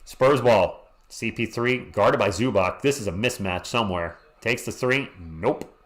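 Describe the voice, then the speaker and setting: A hoarse man hosting a live stream, calling a game play by play in a casual way and greeting chat viewers between plays. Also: on the low side, a little slow. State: hoarse, losing his voice. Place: home at night.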